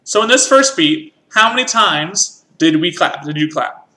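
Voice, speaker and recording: A man's voice: high-pitched, lively intonation, unhurried, pushed and bright. A man teaching a music lesson, patiently explaining rhythm and counting in. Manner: patient, counts in and sings along.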